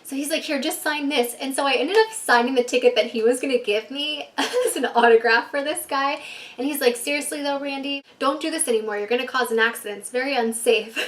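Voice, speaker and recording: A chatty woman tells a wild story straight to her viewers. Her voice sits a bit high, full of "like" and quick giggles. The tone stays loose and casual throughout. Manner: chatty, laughs often, lots of "like". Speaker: YouTube storyteller.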